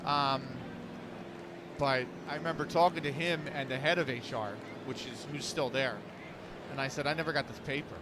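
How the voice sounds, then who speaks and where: A man's voice: mid-range voice, normal speed, noisy background. A man, an esports commentator, telling a long story casually on a live stream, rambling and restarting as he quotes others.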